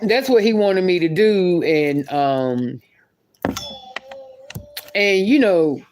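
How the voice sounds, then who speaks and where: A woman's voice: fairly low pitch, animated, slow, a little mellow, a little hiss or hum. A woman telling a story in a casual vlog, chatty and rambling, often laughing and restarting her sentences. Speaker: YouTube commentator.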